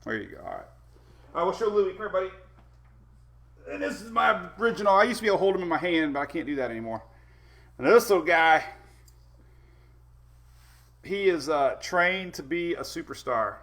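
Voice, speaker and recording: A man's voice: high-pitched, animated, a little fast, long pauses, a bit bright. A man hosting a casual weather live stream, chatty, laughing often and talking to his dogs between updates.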